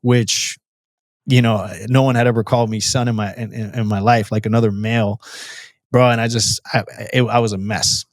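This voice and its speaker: A man's voice: mid-range voice, flat delivery, moderate pace, no echo, clean studio sound. A man as a podcast guest telling his personal testimony in an earnest, storytelling way, with frequent restarts and a casual "bro" to the host.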